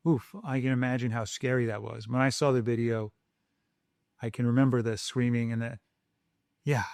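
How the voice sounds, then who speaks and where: A man co-hosting a parenting podcast, talking slowly and soothingly as he explains how to calm a scared child. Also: medium pitch, creaky, no room sound, clean studio sound. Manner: slow, soothing, deliberate. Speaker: podcast co-host. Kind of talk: calm parenting advice chat.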